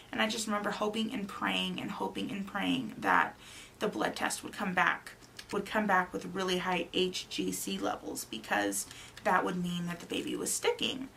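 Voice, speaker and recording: A woman's voice: fairly low pitch, normal speed, vocal fry, slight background noise. A young woman casually telling a personal story, acting out the dialogue with animation. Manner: animated, acts out dialogue in quotes. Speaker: vlogger.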